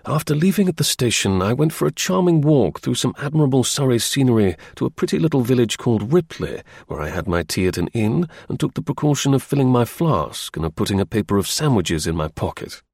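A man voicing a brisk, dry-witted middle-aged detective in a crisp, measured and confident manner. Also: medium pitch, sing-song, a little mellow, no echo, heavily acted. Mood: recounting.

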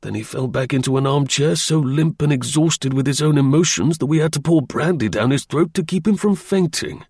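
A man narrates a story in a steady, even audiobook reading. His voice is gravelly and husky, in a mid range. The recording is dry and close. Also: a little high, fairly quick, few pauses, no room sound.

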